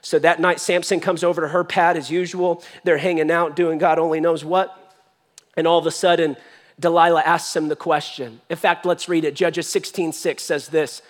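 A man preaching a sermon as pastor, telling a story in an animated, joking way. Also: a little high, moderate pace. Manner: animated, jokey storytelling with acted voices. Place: church.

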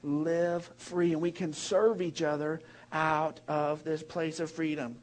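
A man preaching with a notably high voice, swinging between loud, emphatic bursts and quieter, rambling storytelling full of restarts. His delivery is animated and heartfelt, with the lively feel of a pastor carried along by his own message. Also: a little slow. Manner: rambling asides with many restarts. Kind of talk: sermon.

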